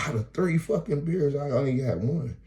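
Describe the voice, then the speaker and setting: A man doing freestyle stand-up comedy, telling stories in a profane, animated, slangy way. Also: a little high, moderate pace.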